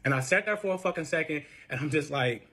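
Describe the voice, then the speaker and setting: A young man telling a story, his voice high and husky. He rattles along fast and swears constantly. He switches into a different voice for each person in the fight he describes. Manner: profane, animated, acts out both sides of quarrels. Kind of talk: storytime chat.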